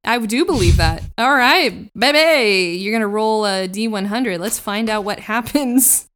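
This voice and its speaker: A woman's voice: medium pitch, measured pace, fairly bright tone. A woman running a tabletop game as game master, playful and laughing often.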